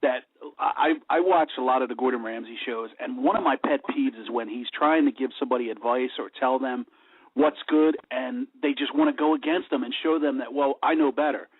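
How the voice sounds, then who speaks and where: A man's voice: medium pitch, fairly quick, husky, no room sound. A male radio host asking questions eagerly and stumbling over repeated words. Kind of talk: casual radio interview. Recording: dry phone-like radio audio.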